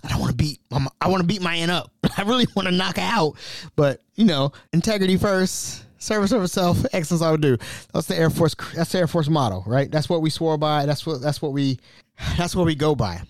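A man hosting a podcast, telling a story in an animated, casual way and sometimes dropping to a whisper. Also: on the high side, brisk, dry recording. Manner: animated, drops to whispers when quoting himself. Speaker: podcast host.

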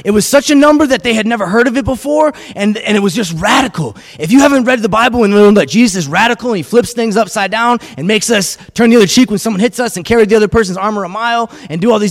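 A high-pitched man preaching a sermon, lively and repetitive, calling for the congregation to answer back. His voice rings through the long reverb of a church sanctuary. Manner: animated preaching with call-and-response and repetition. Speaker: pastor.

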